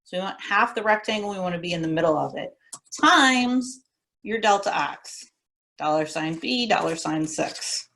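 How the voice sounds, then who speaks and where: A woman's voice: lowish voice, lively intonation, moderate pace, gravelly, fairly bright tone. A woman teaching a recorded class lesson, walking through formulas methodically and repeating the key steps in a casual instructor tone. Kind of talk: recorded classroom lecture walkthrough.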